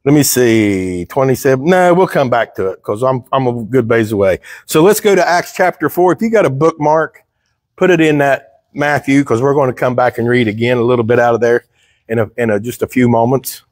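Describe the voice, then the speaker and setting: A man's voice: medium pitch, brisk, darkish tone, no echo, clean studio sound. A man preaching a sermon, reading scripture aloud and explaining it in a conversational way, with questions to the congregation. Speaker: pastor. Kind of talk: sermon, Bible teaching. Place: church.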